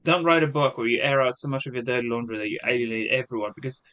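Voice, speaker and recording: A podcast co-host talking casually, wandering through points with false starts and dry scorn. His voice is bright and forward, mid-pitched for a man. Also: racing. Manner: rambling, hesitant, sardonic. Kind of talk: casual chat.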